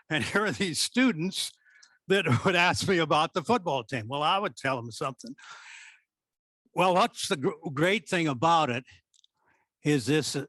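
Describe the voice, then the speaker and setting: A man's voice: a little high, measured pace, long pauses, dry recording. An older man from the American Midwest, a former theatre director, telling stories from his career and acting out what people said. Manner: animated storyteller who acts out quoted speech. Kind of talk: storytelling reminiscence at a talk.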